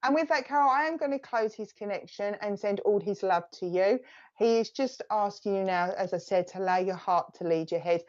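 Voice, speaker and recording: A woman's voice: medium pitch, fairly quick, highs cut off. A woman with an Essex accent giving a live psychic reading, relaying messages in a chatty, reassuring way. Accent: Essex English. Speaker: psychic medium.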